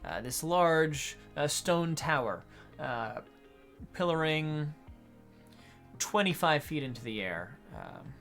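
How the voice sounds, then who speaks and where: A man acting as a game master, explaining adventure design in an unhurried tutorial talk while thinking aloud. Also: a little high, expressive, a bit bright, soft background music.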